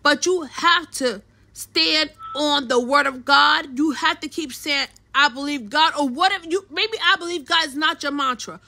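Bright high-pitched woman, emphatic co-host. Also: moderate pace, low-quality recording. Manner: emphatic, preachy repetition. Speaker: podcast co-host. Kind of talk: casual faith talk.

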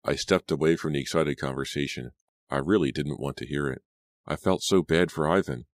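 A very deep-voiced male audiobook narrator tells a first-person story in a measured way. The reading sounds close and dry, without any room echo.

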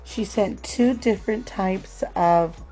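A woman hosting a craft swap unboxing vlog at home, talking slowly and gently and calling viewers "love" again and again. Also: mid-range voice, soft background music, rough recording. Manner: slow, gentle, calls viewers "love" often.

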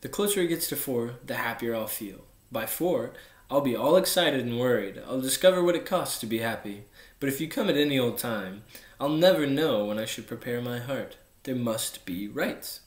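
A man voicing a gentle, patient male fox in a storybook reading, lifting his voice for the part. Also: mid-range voice, animated, normal speed, close to an everyday voice. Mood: eager. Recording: echoey room.

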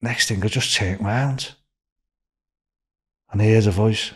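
A man in his sixties from Liverpool with a Scouse accent, a podcast guest telling a story in an animated way, acting out what people said. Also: fairly low pitch, slow, slightly rough. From Liverpool, England. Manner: animated, acts out quoted speech in a raised voice. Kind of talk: anecdotal storytelling.

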